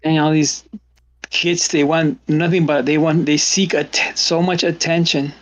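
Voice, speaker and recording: A man's voice: a little high, little pitch movement, measured pace. A middle-aged man hosting a stream, chatting casually and rambling, repeating words as he goes. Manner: rambling, repeats words, quotes people in exclaiming voices. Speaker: stream host. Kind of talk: casual chat. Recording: dull lo-fi stream audio.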